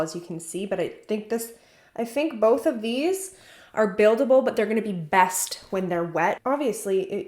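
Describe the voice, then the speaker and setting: A woman's voice: on the high side, darkish tone. Chatty woman vlogger in an echoey room. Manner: chatty, enthusiastic, talks while working. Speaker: beauty vlogger. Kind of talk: casual makeup tutorial chat.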